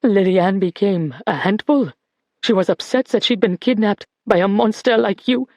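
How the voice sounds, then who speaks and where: A woman's voice: mid-range voice, normal speed, no echo, natural voice. A woman playing a fierce, unforgiving old woman. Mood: furious. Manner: sharp, accusing.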